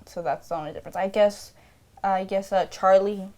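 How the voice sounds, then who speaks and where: A woman co-hosting a podcast in casual chat, playful and quick to act out characters, with lots of "like". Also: mid-range voice, steady tone, darkish tone. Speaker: podcast co-host.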